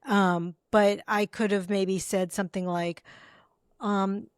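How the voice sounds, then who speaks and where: A woman's voice: mid-range voice, fairly even intonation, takes it slowly, smooth, no room sound. Woman, podcast host; casual interview chat; supportive, thinks aloud; dry close mic.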